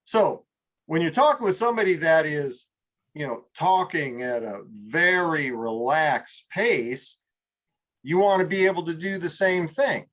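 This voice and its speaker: A man's voice: a little high, animated, fairly bright tone. A man from California leading a group coaching call in a casual, rambling way, full of fillers and restarts, a little tired. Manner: rambling, many fillers and restarts, acts out slow drawled examples. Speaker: group mastermind leader.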